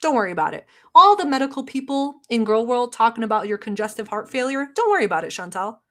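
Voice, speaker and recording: A woman from the Middle East with a fairly high voice, commenting on clips in her non-native English. She is blunt and sarcastic and swears freely. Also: sing-song, quick pace, pushed and bright. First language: not English. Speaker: commentary vlogger. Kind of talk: reaction commentary.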